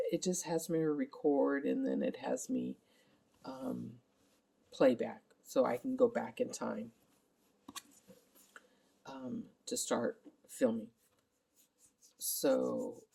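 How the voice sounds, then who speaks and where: A woman's voice: a bass voice, vocal fry, warm tone. A middle-aged woman caring for her father, giving a candid, rambling vlog update while exhausted. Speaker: family caregiver.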